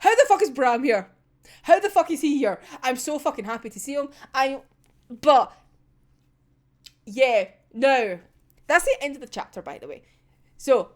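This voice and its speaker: A young woman reacting to a manga chapter in casual chat, animated, swearing often and laughing a lot. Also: high-pitched.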